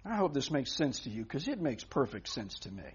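A man's voice: mid-range voice, big pitch swings, brisk, breathy edge. A man preaching a sermon as pastor, earnest and emphatic, often restarting phrases. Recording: dull lo-fi recording.

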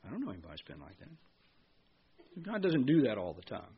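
A man's voice: medium pitch, huge pitch swings, moderate pace, husky, lo-fi sound. A man preaching a sermon in a conversational way, asking the congregation questions.

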